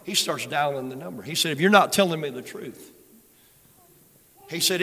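An older man preaching a sermon, moving between hushed storytelling and loud exhortation. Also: a little high, normal speed. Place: large church sanctuary. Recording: long hall reverb with soft music behind.

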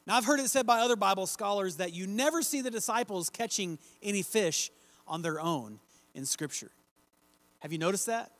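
A man preaching a sermon, reading scripture aloud and slowing down to stress key phrases. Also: sits high, a bit bright, dry recording.

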